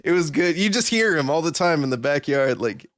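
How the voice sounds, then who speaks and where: A man's voice: fairly high pitch, expressive, brisk, fairly bright tone, dry recording. Guy on a podcast telling rambling stories, swears a lot, dry sound. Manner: rambling anecdotes, heavy swearing. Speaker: podcast co-host. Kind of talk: casual podcast chat.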